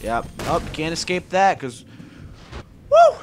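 A young man talks over his gameplay in a loose, profane stream of commentary, his pitch jumping all over the place as he gets annoyed. There's a steady hiss of noise under his voice. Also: unhurried. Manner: loud, swearing, frustrated outbursts. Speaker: gaming YouTuber.

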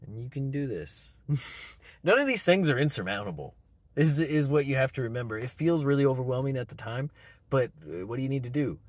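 A man's voice: medium pitch, expressive, normal speed, pauses often, no echo. A man in his thirties, a vlogger giving himself a reflective, reassuring pep talk, chuckling often. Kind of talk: personal self-pep talk.

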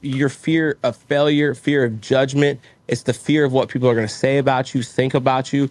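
Brief: man, mid pitch, earnest motivational interview guest, dry close sound. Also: level tone, moderate pace, darkish tone, dry recording. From Texas. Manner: earnest, motivational, acts out his own inner voice. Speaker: guest, roofing business owner. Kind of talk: casual interview storytelling.

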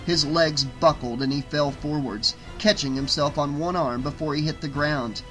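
A man reading a novel aloud as an audiobook narrator, at a steady, even pace. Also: on the high side, normal speed, faint music behind, rough recording. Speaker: audiobook reader.

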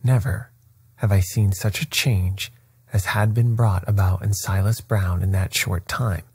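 A man narrating a classic story at bedtime with a soft, steady, soothing delivery. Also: on the low side, unhurried, slightly rough, dry recording.

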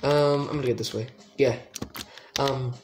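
A gamer streamer gives live commentary while playing, frustrated, self-mocking and swearing a lot. He speaks at normal speed with a medium pitch and a steady tone. The room is echoey, with background noise and keyboard clicks.

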